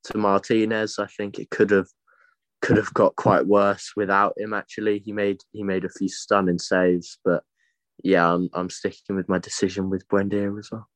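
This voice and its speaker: Flat-toned low podcast co-host man. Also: moderate pace, no room sound. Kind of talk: casual football podcast chat.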